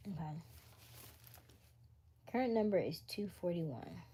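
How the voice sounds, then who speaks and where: A woman's voice: on the low side, expressive, slow, background noise. A woman with an East African accent hosting a live stream, chatting with viewers, reading their comments aloud and working through sums to herself. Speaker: livestream host. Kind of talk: casual live-stream chat.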